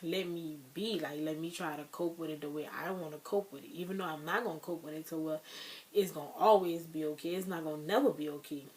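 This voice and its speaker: A woman's voice: low voice, steady tone, fast, darkish tone, slight background noise. Grieving young woman telling a story. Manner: chatty, addresses viewers as y'all; emotional, grieving retelling. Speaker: vlogger. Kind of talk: casual storytime.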